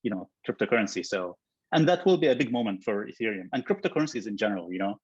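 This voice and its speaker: Husky man on a dull call line. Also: fairly low pitch, animated, fast, darkish tone, no room sound. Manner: thoughtful, many fillers and restarts. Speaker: guest, software co-founder. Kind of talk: casual interview chat.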